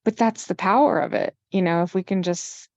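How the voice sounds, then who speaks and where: A woman's voice: on the low side, brisk, a little mellow, no echo, lo-fi sound. A woman in her fifties, a podcast guest, speaking earnestly and reflectively in a candid conversation. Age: 50s.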